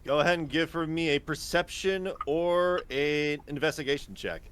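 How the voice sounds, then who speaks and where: A man's voice: fairly high pitch, normal speed, fairly bright tone, smooth. A man running a tabletop game as game master, narrating in a laid-back way with chuckles.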